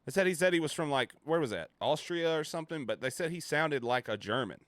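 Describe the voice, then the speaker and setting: A man's voice: fairly high pitch, lively intonation, quick pace, a bit bright, dry recording. A man streaming a reaction to a video, thinking aloud in casual commentary with fillers and restarts.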